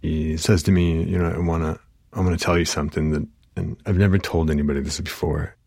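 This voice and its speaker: A man, a therapist, telling an emotional story from a session, halting with many fillers and restarts. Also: extremely low pitch, level tone, darkish tone, husky, dry recording, studio quality. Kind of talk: personal storytelling.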